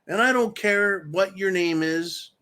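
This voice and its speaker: A man's voice: high voice, a little slow, sharp tone. A man hosting a show, ranting angrily with profanity and reading out viewer comments. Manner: angry, profane, reads viewer comments aloud. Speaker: host.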